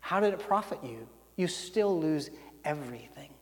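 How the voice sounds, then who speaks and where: A man's voice: on the high side, animated, moderate pace. A man preaching a sermon as a pastor, talking conversationally with frequent restarts and acted-out quotes. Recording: long hall reverb.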